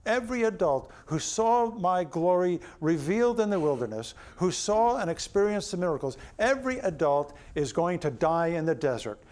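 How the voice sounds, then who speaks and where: A man voicing God as a stern male deity pronouncing judgment, in a slow, solemn, lowered voice.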